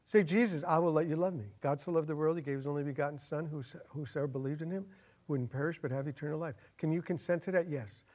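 A man preaching a sermon as a pastor, earnest, getting louder and slowing down to stress his points. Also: a little high. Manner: earnest, swells louder and slows down for emphasis.

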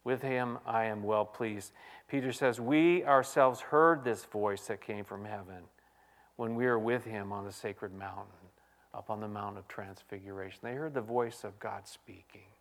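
A man preaching a sermon, his voice swelling into loud, urgent questions before falling back to a hushed, intimate tone. He reads scripture passages aloud and speaks directly to his listeners. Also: fairly low pitch, unhurried. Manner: dynamic preaching, swinging from loud exclamations to hushed quiet. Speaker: pastor.

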